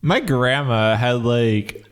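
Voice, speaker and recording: A young comedy writer co-hosts a podcast, chatting in a rambling, reflective, casually comedic way with lots of fillers. His voice is mid-range, with a clean tone and slow pace.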